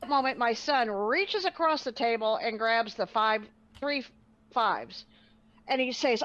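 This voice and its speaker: Woman guest, chatty rambling storyteller, slightly high voice, dull muffled sound. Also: animated, unhurried, a bit bright. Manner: rambling, acts out quotes with fillers. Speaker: podcast guest telling a story. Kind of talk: casual storytelling.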